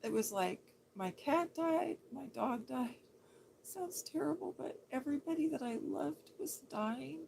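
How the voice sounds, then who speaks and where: A woman from Seattle talks slowly and softly on a livestream, her voice sitting a little high. She answers viewer comments one by one in a gentle, sympathetic way and now and then slips into a whisper. A faint hum of background noise sits under her voice. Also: expressive, creaky. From Seattle, Washington State. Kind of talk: casual soft-spoken livestream chat.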